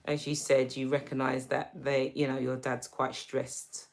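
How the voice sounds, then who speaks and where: Slow, gentle London woman. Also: rumbling low, little pitch movement, vocal fry. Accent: London English. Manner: slow, gentle and reassuring, reads viewer comments aloud. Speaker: livestream host. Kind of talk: casual livestream chat reading comments.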